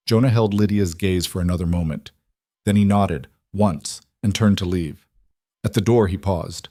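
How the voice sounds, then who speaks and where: Man reading a western story, lowish voice, dry sound. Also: moderate pace, warm tone, no echo. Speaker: narrator. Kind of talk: scripted story narration.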